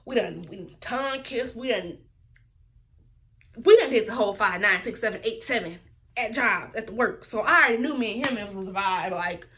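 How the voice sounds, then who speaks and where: A woman's voice: medium pitch, moderate pace, fairly bright tone, slight background noise. A woman, telling a story in a casual vlog and mimicking other people's voices as she quotes them. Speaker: vlogger.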